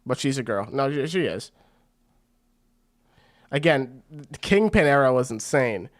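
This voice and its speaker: A man's voice: mid-range voice, a little slow. A man hosting a fight watch party, giving casual, rambling commentary full of slang. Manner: excitable and rambling, slangy with frequent "bro".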